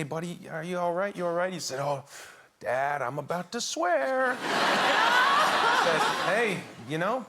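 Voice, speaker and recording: A man as a chat show guest, telling a family anecdote with lots of laughter. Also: a little high. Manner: laughing storyteller, animated. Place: TV studio with audience. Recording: studio audience laughter and noise.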